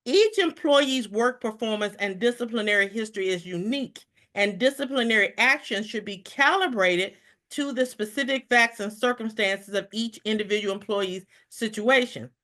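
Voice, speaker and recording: Middle-aged woman, organization president; excited, rapid briefing, fairly high bright voice. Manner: fast, excited, repeats words when rushing. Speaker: national president of a federal employee organization. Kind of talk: live online discussion briefing.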